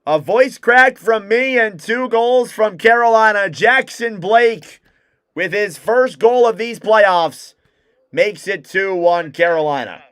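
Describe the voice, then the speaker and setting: A young man with a high, clear, smooth voice calls hockey play-by-play at a quick clip. He sounds close and dry on the mic, with little room sound around him. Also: dry recording. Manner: rapid play-by-play, excitable reactions. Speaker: fan play-by-play commentator. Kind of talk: live hockey play-by-play commentary.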